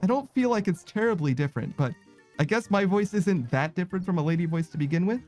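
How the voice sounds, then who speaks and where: Man, gaming streamer, slightly high voice, giggly and rambling, self-conscious, casual chat with viewers, faint music behind. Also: animated, fast, darkish tone.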